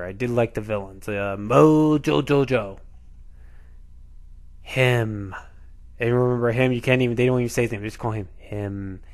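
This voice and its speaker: A man in his twenties hosting a casual countdown video, chatty and enthusiastic, often repeating himself. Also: mid-range voice. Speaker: video host.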